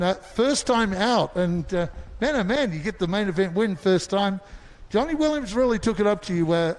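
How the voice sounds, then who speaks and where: A man's voice: high-pitched, darkish tone, long reverb tail. A man working as a trackside reporter, interviewing drivers after a race in an enthusiastic, exclaiming way.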